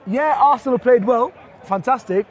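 An energetic man hosting street interviews after a match, slangy and teasing. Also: extremely high pitch, moderate pace, some chatter behind. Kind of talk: vox pop interviewing and banter. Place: outdoors near a stadium.

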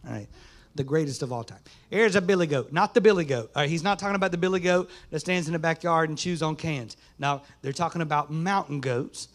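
A man's voice: fairly high pitch, fairly quick. A man, a pastor preaching a folksy sermon in a small church. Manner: folksy Southern preaching, rising to fervent shouts.

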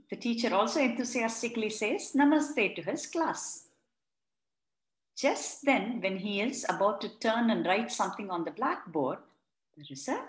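Lively, slow-paced woman reading to kids. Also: on the high side. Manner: explains words and retells each page for children. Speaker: storyteller. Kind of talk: interactive children's read-along. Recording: roomy echo.

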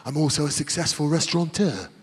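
A man voicing a rambling, odd older male taxi driver with a Cockney accent, speaking low and droning. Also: expressive, fast, big-room sound, lightly acted. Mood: deadpan. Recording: live theatre crowd and noise.

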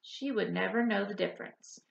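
A woman's voice: mid-range voice, moderate pace, creaky. A woman voicing an eager, anxious young dreamer. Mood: protesting. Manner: earnest, pleading. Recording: roomy, slightly dull audiobook recording.

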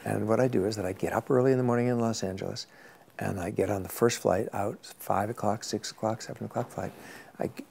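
A man's voice: fairly low pitch, creaky, darkish tone. An older man, an actor as interview guest, telling rambling anecdotes in a casual chat and often repeating words.

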